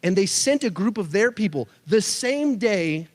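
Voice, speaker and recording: A man's voice: high-pitched, unhurried. A man in his thirties preaching a sermon to students, telling stories with jokey asides. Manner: animated storyteller, jokey asides. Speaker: youth pastor. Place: church hall. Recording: long hall reverb.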